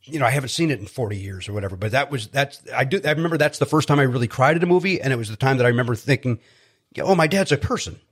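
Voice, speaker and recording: A man, telling stories as a podcast guest in an animated, joking way. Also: mid-range voice, slightly rough. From South Side of Chicago. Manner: animated storyteller, quick jokey asides. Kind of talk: casual chat.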